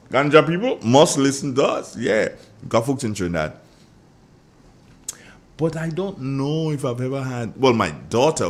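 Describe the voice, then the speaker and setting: A middle-aged man with a Grenadian accent hosting a morning radio show, chatty and joking as he sends shout-outs to listeners. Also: fairly low pitch. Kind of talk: casual morning radio chat.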